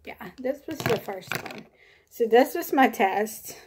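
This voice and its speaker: A young woman vlogging to camera, telling a personal story in a casual, chatty way with lots of fillers and an animated retelling. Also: on the high side, slow pace, background noise.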